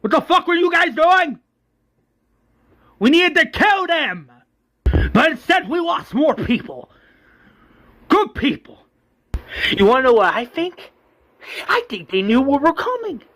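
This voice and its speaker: Hot-tempered male militia boss , put on by a man, screaming and swearing, high and forceful. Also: expressive, takes it slowly, long pauses. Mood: furious. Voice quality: yelling, swearing. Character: furious ranting male militia leader.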